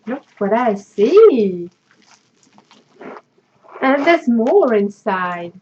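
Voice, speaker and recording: Woman vlogger, crafting host, high and unhurried, excitable, dull home audio. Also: a little hiss or hum. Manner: gushing, emotional, laughs often. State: tearful, choked up. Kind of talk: casual unboxing vlog.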